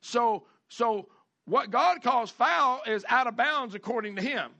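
High bright-voiced preacher man. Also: lively intonation, vocal fry, lo-fi sound. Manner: folksy preaching with call-outs, repeats and drawn-out emphasis. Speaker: pastor. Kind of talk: sermon.

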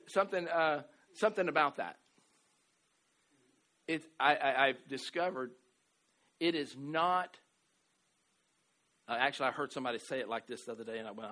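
A middle-aged man from the American South preaching a sermon, telling a story with many restarts and repeated words, swinging from loud exclamations to soft asides. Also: a little high, a little fast, pauses often. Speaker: pastor.

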